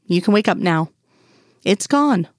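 A woman reading a story voices a level-headed female agent who teases dryly and speaks matter-of-factly. The tone is lowish and plain, recorded dry and close. Little separates her from the reader's own voice. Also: lively intonation, unhurried, no room sound. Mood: calm. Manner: dry, teasing, matter-of-fact. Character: cool, skeptical female FBI agent, adult.

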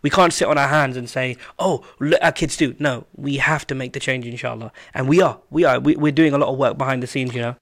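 A man co-hosting a casual discussion who talks in a relaxed, chatty way and often reacts briefly to his partner. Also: medium pitch, a little fast, hardly any pauses.

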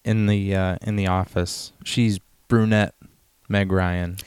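A man co-hosting a podcast, talking about a film in a relaxed, rambling way with lots of fillers. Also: sits low, slow, clean tone, no echo. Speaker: podcast co-host. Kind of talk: casual film discussion.

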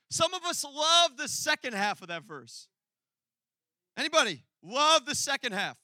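A man's voice: very high-pitched, big pitch swings, measured pace, pushed and bright, dry recording. A man preaching a sermon to a congregation, telling a story with laughter and asides to the crowd. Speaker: pastor. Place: church hall before a congregation.

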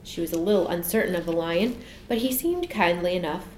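A woman narrating a children's storybook in a gentle, measured way. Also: fairly low pitch. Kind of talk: storybook reading. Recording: echoey room, faint noise.

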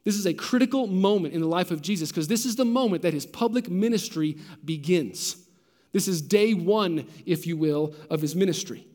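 A man's voice: high-pitched, a little mellow, in a large hall. A man pastor preaching a sermon emphatically, asking the congregation rhetorical questions.

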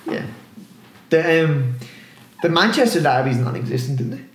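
A man's voice: a little high, animated, moderate pace. Rambling man co-hosting, echoey room. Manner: rambling, full of "you know what I mean". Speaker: podcast co-host. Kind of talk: casual podcast chat.

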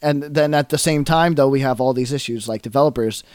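A man's voice: medium pitch, fairly quick, a little mellow, clean tone, no echo. Co-host, man, rambles and muses aloud, dry close sound. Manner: rambling, thinking aloud with many fillers. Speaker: podcast co-host. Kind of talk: casual chat.

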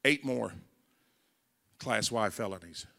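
A man's voice: lowish voice, animated, slow, creaky, bright, forceful tone. A man in his forties with a Southern accent, preaching his testimony as an evangelist and acting out the voices in his story. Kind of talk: testimony sermon. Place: church sanctuary. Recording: reverberant church hall.

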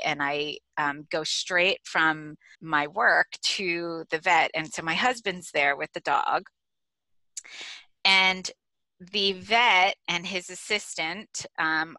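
A woman's voice: low voice, bright, forceful tone, no echo, poor audio. A middle-aged American woman co-hosting a podcast, telling a story animatedly and laughing as she goes. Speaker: podcast co-host. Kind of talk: casual storytelling chat.

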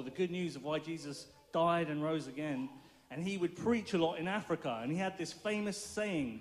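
A man preaching an informal, lively sermon in a playful, joking way, laughing often. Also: fairly high pitch, slight background noise.

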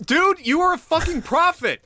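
A man co-hosting a casual true-crime podcast, animated and profane, laughing often and acting out quotes. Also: extremely high pitch, unhurried, a little hiss or hum. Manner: animated, swearing, laughing often, quoting people in put-on voices. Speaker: podcast co-host.

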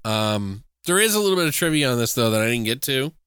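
A man's voice: mid-range voice, sing-song, fast, fairly bright tone, a little hiss or hum. A man co-hosting a podcast, casually and profanely recapping movie plots and reading out trivia. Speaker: podcast co-host reviewing movies. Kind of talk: casual chat.

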